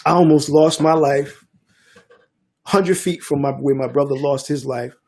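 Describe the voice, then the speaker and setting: An older DJ recounts a story in a casual podcast chat. His voice is gravelly and husky and sits a little high. He talks animatedly and slips into the voices of the people in his story. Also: a little slow. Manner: animated, repeats "man", acts out voices of others. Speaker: guest DJ and producer.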